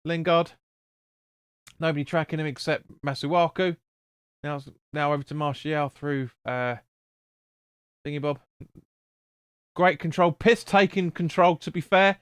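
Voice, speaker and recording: A man's voice: a little high, measured pace, pauses often, clean tone, no echo, studio quality. Sweary man commentating a stream. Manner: blunt, sweary, chatty with viewers. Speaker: football watch-along streamer. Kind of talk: live match commentary and chat reading.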